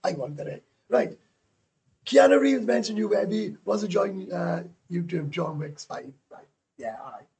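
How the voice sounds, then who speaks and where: Gravelly excitable man ranting on a livestream. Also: sits high, a little slow. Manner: excitable, swearing, rambling storyteller; keeps adding tag questions. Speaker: guest YouTuber calling into a livestream. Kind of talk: casual livestream chat.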